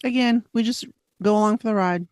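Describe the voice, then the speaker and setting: A woman chatting as a podcast guest about a movie, animated and quick to act out what characters say. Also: mid-range voice, no echo. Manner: animated, acts out characters' lines mid-story. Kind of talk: casual movie review chat.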